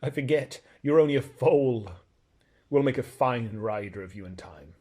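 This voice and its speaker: A man reading aloud, voicing a proud and blunt talking male horse who lectures in a brisk, scornful way. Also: medium pitch, animated, dark tone, lightly acted. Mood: planning.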